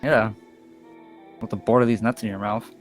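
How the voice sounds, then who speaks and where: A man's voice: fairly low pitch, fairly even intonation, a little fast, soft background music. A man teasing his friends in casual chat before a tabletop game. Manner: teasing, mocking banter.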